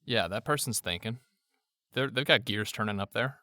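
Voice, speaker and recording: A man's voice: fairly low pitch, normal speed, bright, forceful tone, no room sound, studio quality. A man co-hosting a true-crime podcast, jokey and laughing often, putting on silly voices. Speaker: podcast co-host.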